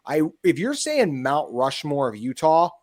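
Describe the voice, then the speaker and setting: A man with a slightly higher voice hosting a casual sports podcast. He keeps the talk upbeat and chatty and moves it along, setting up segments and handing questions to his co-host. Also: big pitch swings, measured pace, a little mellow. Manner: upbeat, chatty, steering the conversation.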